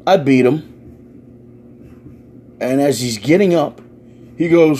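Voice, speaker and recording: A young man, delivering a loud, profane rant in a casual stand-up style. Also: medium pitch, moderate pace, pauses often, slightly rough. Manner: loud, swearing, ranting, animated. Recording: faint background noise.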